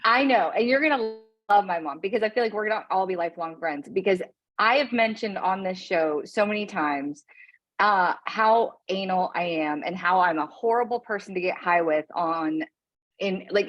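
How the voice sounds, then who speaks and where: A woman's voice: mid-range voice, normal speed, highs cut off. A woman co-hosting a casual podcast in a mid-range voice. She talks chattily and teasingly, full of likes and ums, as if speaking into a phone. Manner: chatty and teasing, many fillers. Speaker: podcast co-host. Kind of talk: casual chat.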